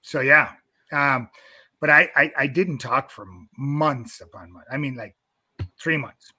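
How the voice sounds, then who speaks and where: A man's voice: medium pitch, a little slow, sharp tone, no room sound. A man in his fifties from North Dakota, a wrestling coach being interviewed, telling a long story in a rambling way with many restarts.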